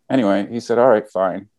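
Low, dark-voiced man telling a story. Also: no room sound. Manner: animated storyteller acting out quoted lines. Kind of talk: casual storytelling.

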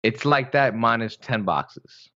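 A man chatting easily on a casual podcast, spinning relaxed stories about his home with playful jokey asides. His voice sits at a middling pitch, and the recording sounds a bit dull and lo-fi. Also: slow. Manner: laid-back storytelling, jokey asides. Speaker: podcast co-host. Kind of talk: casual chat.

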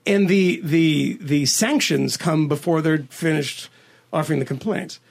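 A man's voice: a little high, a little slow, creaky. A man hosting a podcast, rambling through casual political talk with lots of hesitant restarts. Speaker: podcast host.

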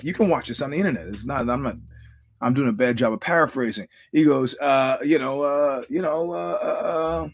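A middle-aged man hosts a podcast in a mid-range voice with a breathy edge, speaking at normal speed. His casual monologue is a loose, rambling run of stories, full of profanity and frequent restarts.

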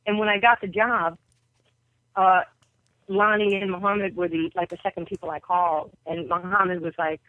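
A woman's voice: lowish voice, fairly even intonation, normal speed, no echo. A woman from New York, a basketball coach and podcast guest, telling personal stories and acting out the voices of people she quotes. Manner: vivid storyteller who acts out quoted voices. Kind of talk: personal storytelling in an interview. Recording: tinny dry phone line.

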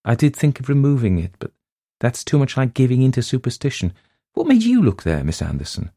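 A man voicing a brisk, practical middle-aged woman who runs a school, firm and matter-of-fact. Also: mid-range voice, big pitch swings, warm tone, husky, no echo, clean studio sound, pitched above the performer's own voice. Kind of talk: storybook reading.

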